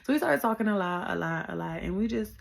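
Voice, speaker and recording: A woman's voice: mid-range voice, fast talker, vocal fry. Chatty young woman telling a story. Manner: chatty, repeats herself, slangy, animated asides. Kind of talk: casual storytime vlog.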